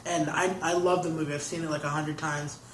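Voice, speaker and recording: A man's voice: on the high side, little pitch movement, a little fast, slight background noise. A young man, an interview guest, telling a long story in casual talk, rambling and filling his sentences with "like". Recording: roomy echo.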